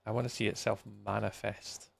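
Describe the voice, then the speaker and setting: A man's voice: lowish voice, flat delivery, brisk, creaky, a little hiss or hum. A man chatting with viewers during a live gameplay stream. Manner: chatty, talks to viewers while playing. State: tired, yawning.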